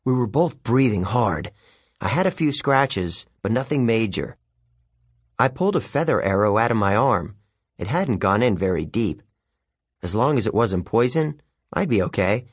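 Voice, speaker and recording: A male audiobook narrator telling a first-person adventure with a wry, youthful edge. His pitch moves a lot, his voice is slightly husky, and the dry, close recording has no room sound around it. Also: moderate pace, no echo. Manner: lively, wry storytelling with youthful character voices.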